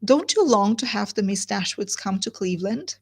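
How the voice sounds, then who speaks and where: A woman's voice: mid-range voice, animated, moderate pace, slightly rough. A woman reading aloud and voicing a cheerful, silly young wife who talks with bubbly enthusiasm. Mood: gushing.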